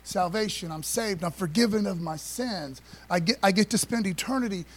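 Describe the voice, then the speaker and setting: Male pastor, high voice, easygoing preacher who talks to his congregation and asks for amens. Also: normal speed. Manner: folksy, call-and-response preaching with repeated phrases. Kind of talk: sermon. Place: church sanctuary.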